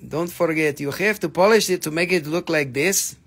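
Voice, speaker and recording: Gravelly, excitable live-sale host. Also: male voice, on the high side, moderate pace. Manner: jokey, excitable, teasing viewers. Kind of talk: live-stream sales patter.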